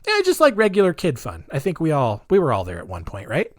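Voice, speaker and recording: Man, podcast host, casual rambling storytelling, sarcastic asides, lively pitch. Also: quick pace, dry recording, clean studio sound. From United States.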